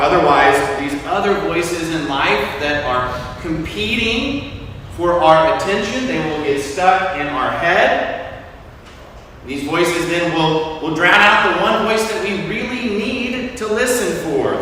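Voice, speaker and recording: A man preaching a sermon as a priest, telling a story in a relaxed, conversational way with frequent fillers. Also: fairly high pitch, a little hiss or hum. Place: large church. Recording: echoey church hall, from far off.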